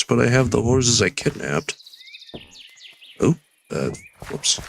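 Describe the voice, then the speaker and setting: A man's voice: medium pitch, big pitch swings, takes it slowly, vocal fry, pauses often, a bit bright, slight background noise. A tired young man mumbling and rambling through casual gameplay commentary, with a nasal voice. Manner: mumbling, rambling, self-deprecating. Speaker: streamer.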